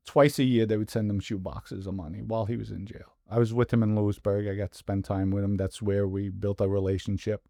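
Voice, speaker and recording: A man with a low, mellow voice speaks as a guest, telling stories from memory. He stresses points by saying words twice or three times. The recording is close and dry. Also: little pitch movement, a little fast, gravelly, hardly any pauses, no echo. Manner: emphatic, repeats words for stress. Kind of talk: conversational interview.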